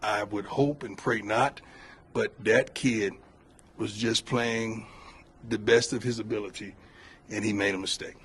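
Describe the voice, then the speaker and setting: A man speaking as a coach at a press conference in a measured, halting, calm way. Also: lowish voice, slight background noise.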